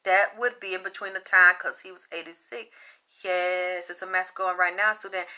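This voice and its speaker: A woman's voice: on the low side, normal speed. Blunt, foul-mouthed woman spiritual reader. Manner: animated, blunt, swears freely. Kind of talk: casual profane storytelling.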